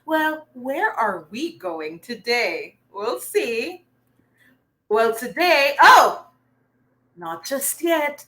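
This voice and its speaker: Bright, upbeat woman teacher. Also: a little high, sing-song, extremely slow, poor audio. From Philippines. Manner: upbeat, praising, talks to viewers' comments. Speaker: online reading teacher. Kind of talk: livestreamed remedial reading lesson.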